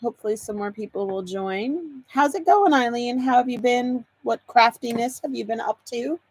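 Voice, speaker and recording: A woman's voice: a little high, normal speed, a little mellow, breathy edge. Bubbly woman hosting a craft live stream. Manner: bubbly, laughs often, greets viewers by name. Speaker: host of a live card-making demo.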